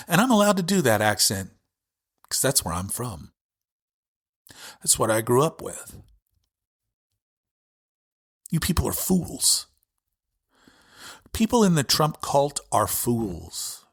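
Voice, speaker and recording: A man's voice: mid-range voice, fairly bright tone. A male podcast host giving an impassioned, profane political rant with heavy emphasis.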